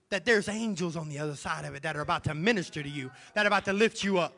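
In a church sanctuary, a male pastor preaches emphatically, repeating his key phrases. His fairly high, sharp-toned voice races along with few pauses, and a long church hall reverb fills the recording.

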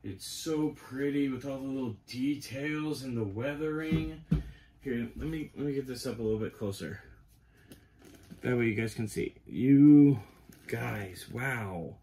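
A male cosplay vlogger in a casual review, gushing over what he's showing. He talks slowly and unhurriedly, stretching out his excited praise. His pitch sits right in the ordinary middle range for a man.

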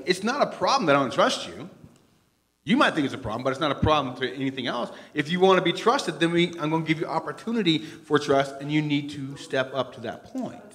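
Animated joking man preaching. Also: on the high side. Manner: animated, joking, swings from loud to hushed. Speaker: pastor. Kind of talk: conversational sermon. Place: church sanctuary.

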